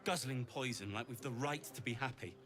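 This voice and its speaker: An actor playing a sardonic companion with a dry, sighing manner. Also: male voice, mid-range voice, brisk, fairly bright tone, soft background music, lightly acted.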